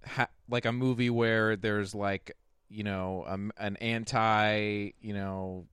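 A man's voice: fairly low pitch, fairly even intonation, slow pace, a bit bright, clean tone, no room sound, clean studio sound. A man co-hosting a casual chat, easygoing and often answering with short agreements. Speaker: podcast co-host.

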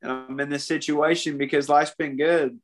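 Soft music plays in the background as a young man with a fairly high voice talks at normal speed with fairly even intonation. He's a podcast guest being candid and earnest about something painful, emotional and frequently saying "man."

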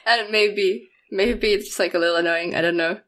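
A woman's voice: medium pitch, normal speed, a bit bright. A woman player in a tabletop game, chatting casually and giggling often. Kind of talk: casual chat.

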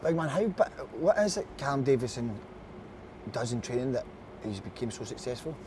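A man's voice: mid-range voice, big pitch swings, moderate pace. A man co-hosting a casual football chat, asking blunt, chummy questions. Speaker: co-host. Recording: audible background noise.

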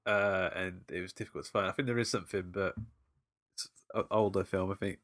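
A man's voice: sits low, steady tone, a little fast, a bit bright, dry recording, clean studio sound. A man co-hosting a casual podcast, running a playful movie-quote quiz and laughing often. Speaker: podcast co-host. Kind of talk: casual chat, quiz game.

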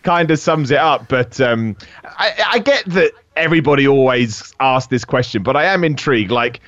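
A man's voice: mid-range voice, animated, moderate pace, fairly bright tone, no echo, dull audio. A male podcast co-host asking questions in a chatty, enthusiastic way. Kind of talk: casual interview chat.

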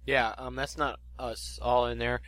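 A man's voice: medium pitch, level tone, measured pace, a bit bright, dry recording. A teenage man from Canada, co-hosting a podcast in casual chat, telling school stories with animation and teasing his friend. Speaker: podcast co-host.

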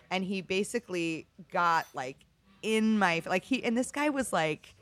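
Speaking a little slowly in a mid-range, slightly bright voice, a middle-aged bartender tells expressive work stories as an interview guest. She's candid and profane, and "like" comes up again and again.

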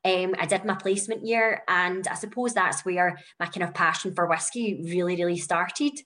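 A woman's voice: fairly low pitch, fairly even intonation, normal speed, a bit bright. Chatty young Glaswegian woman. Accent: Glasgow. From Scotland. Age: young adult. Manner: chatty storyteller, lots of fillers. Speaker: guest. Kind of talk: conversational podcast interview.

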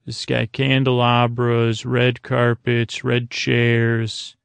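A man's voice: mid-range voice, completely flat delivery, takes it slowly, creaky, clear, resonant tone, no room sound. A man hosting a podcast, casually recapping an episode, rambling with fillers and quoting characters. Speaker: podcast host.

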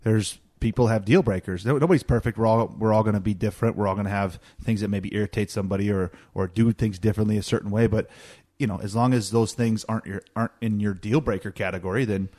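A man with a lowish voice chimes in as co-host. He talks fast and reassuringly, reasoning things through aloud and repeating words as he gathers his thoughts. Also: steady tone, dark tone, no room sound, studio quality. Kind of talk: casual chat.

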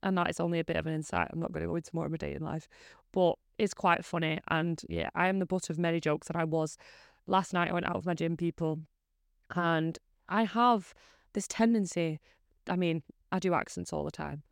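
A woman's voice: on the low side, fairly even intonation, fairly quick, creaky, no echo, clean studio sound. A woman in her thirties hosting a podcast, chatting in a candid, rambling, self-deprecating way. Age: 30s. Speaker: podcast host. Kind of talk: casual solo podcast chat.

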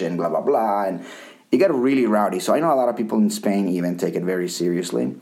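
A man's voice: fairly low pitch, brisk, dark tone. A man from Colombia co-hosting a podcast, rambling in casual chat with frequent restarts and casual swearing. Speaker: podcast co-host.

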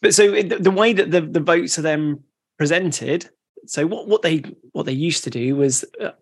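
A man's voice: fairly high pitch, normal speed, breathy edge. A man co-hosting a podcast, explaining things in a casual, rambling way with lots of restarts. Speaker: podcast co-host. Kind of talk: casual educational chat.

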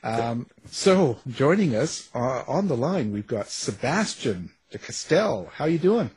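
A man's voice: mid-range voice, very animated, unhurried, a little mellow, slightly rough, dry recording. A man hosting a radio interview show, joking around and laughing often in a loose, rambling way.

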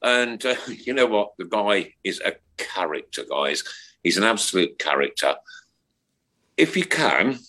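A man's voice: on the low side, sing-song, measured pace, pushed and bright. A middle-aged man hosting a podcast in casual chat, jokey and rambling, with many fillers and restarts. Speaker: podcast host.

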